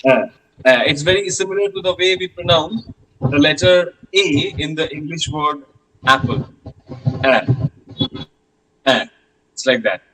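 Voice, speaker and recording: A man's voice: fairly high pitch, moderate pace, fairly bright tone, rough recording. A man teaching a French class, patiently repeating questions and sounds with many hesitations.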